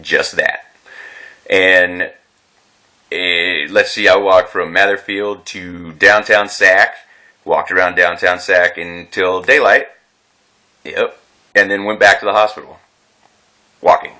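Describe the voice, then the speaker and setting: Man, distressed, rambling, swearing, fairly low voice, bright forceful tone. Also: fairly even intonation, slow pace, pauses often. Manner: rambling, agitated, swearing, many restarts. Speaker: veteran telling his story. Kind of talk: unscripted personal vlog.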